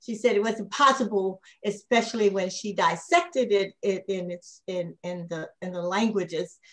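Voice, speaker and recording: A woman's voice: mid-range voice, steady tone, moderate pace, a bit bright. A woman history professor speaking on a panel, thoughtful, with many fillers and restarts. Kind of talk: panel discussion.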